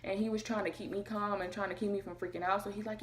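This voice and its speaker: A young woman telling a personal story to her camera, talking fast and acting out what people said. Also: medium pitch, level tone. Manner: fast, emotional retelling, acting out quotes. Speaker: vlogger.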